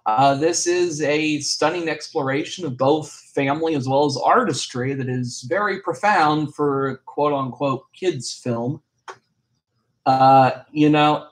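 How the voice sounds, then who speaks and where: A man co-hosting a podcast, giving casual movie reviews with blunt, emphatic verdicts. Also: a little high. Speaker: podcast co-host.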